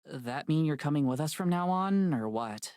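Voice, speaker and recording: A woman's voice: deep voice, expressive, normal speed, darkish tone, no room sound, studio quality. A woman voicing a blunt, teasing young best friend in a visual novel, speaking casually.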